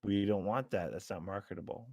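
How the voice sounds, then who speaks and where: A man's voice: fairly low pitch, a little fast, darkish tone, no room sound. A man bantering on a live stream and giving dry, mock-directorial critique. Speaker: stream co-host. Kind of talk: casual comedic banter.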